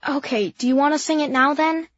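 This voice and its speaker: A woman playing an exhausted father, quiet and subdued as he pleads. The voice is a bit lower than hers, heard on a dull, dry, lo-fi recording. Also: fairly even intonation, a little fast, no echo, lightly acted. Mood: weary. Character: weary, worn-out father, low and quiet.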